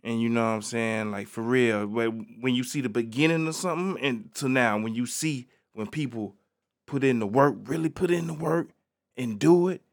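A man hosting a casual solo podcast, talking in a laid-back, slangy way and peppering his talk with "man". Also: medium pitch. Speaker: podcast host.

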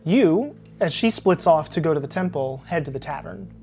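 A woman narrating a tabletop game as game master, relaxed and dotted with fillers. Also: sits low, normal speed, gravelly, soft background music.

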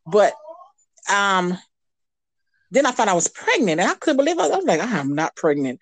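Animated woman telling a candid story. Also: mid-range voice, moderate pace, dry recording. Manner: lively, animated, acts out quoted voices. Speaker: radio guest.

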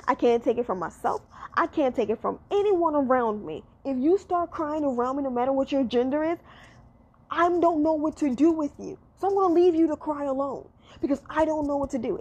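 A woman's voice: sits high, a little mellow, husky, highs cut off. A woman giving a blunt, profane rant, often repeating herself for emphasis.

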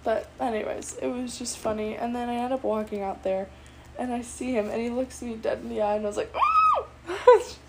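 A woman's voice: on the high side, fairly even intonation, fairly quick, mellow, slight background noise, rough recording. A teenage girl casually telling a personal story, chatty and bubbly, full of fillers and quoted dialogue.

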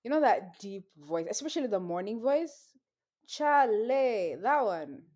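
A young woman chats on a podcast in a middling voice. She teases her co-host playfully and laughs often, keeping the talk relaxed and easy. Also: a little high, unhurried. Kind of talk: casual chat.

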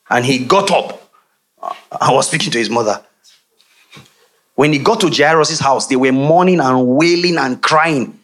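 A man's voice: medium pitch, a little slow, pauses often. A man preaching a sermon, quizzing his congregation for answers, with frequent laughs and chatty asides. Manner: animated call-and-response with congregation; laughs often, conversational asides.

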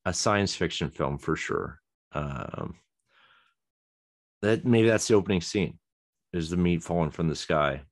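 Low-voiced man rambling to himself. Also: no echo, clean studio sound. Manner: rambling, chuckling, many ums and restarts. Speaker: podcast host. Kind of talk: casual solo chat.

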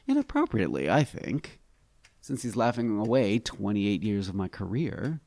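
Gravelly, expressive male storyteller. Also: on the low side, brisk, no echo. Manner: expressive, wry, animated inflections. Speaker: narrator. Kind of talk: first-person dramatic story reading.

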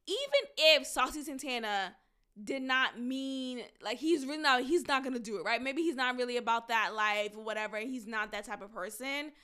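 A woman hosting a solo commentary podcast, talking in an emphatic, drawn-out, deliberate way. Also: fairly high pitch, pushed and bright, smooth. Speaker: podcast host.

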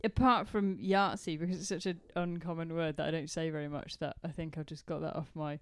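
A woman's voice: deep voice, steady tone, brisk, clear, resonant tone, dry recording. A woman with a Northern English accent co-hosting a podcast, teasing in a dry, giggly way. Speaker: podcast co-host. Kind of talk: casual chat.

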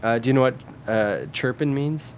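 A man's voice: mid-range voice, normal speed, muffled recording, a little hiss or hum. A man hosting a casual podcast chat, quizzing his friends on slang words and laughing often. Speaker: podcast host.

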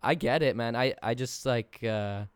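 A man's voice: medium pitch, a little slow, clear, resonant tone, dry recording. A young man from England talking casually on a podcast, rambling with lots of fillers and casual swearing. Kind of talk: casual chat.

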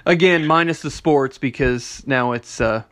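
A man with a Kentucky accent hosting a casual interview, easygoing and quick to laugh. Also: mid-range voice, fairly bright tone, no room sound. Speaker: host.

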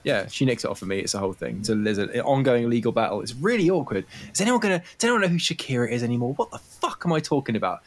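A man's voice: mid-range voice, animated, racing, hardly any pauses. Guy cohosting a podcast, voice bounces all over, rambly and jokey. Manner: rambling, self-mocking jokes. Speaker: podcast co-host. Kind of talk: casual podcast chat.

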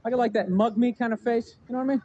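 A man's voice: very high-pitched, fairly even intonation, racing, dark tone, lo-fi sound. A man from the American suburbs telling a rambling stand-up story on stage, full of "you know what I mean". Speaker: stand-up comedian. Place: comedy stage with a live audience.

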